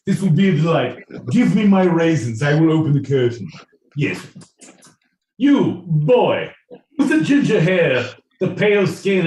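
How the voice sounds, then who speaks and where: A man voicing a snooty upper-class carriage rider with a pompous, drawn-out manner. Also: fairly high pitch, darkish tone, echoey room, pitched above the performer's own voice. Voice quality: pompous, drawn-out mock-aristocratic delivery.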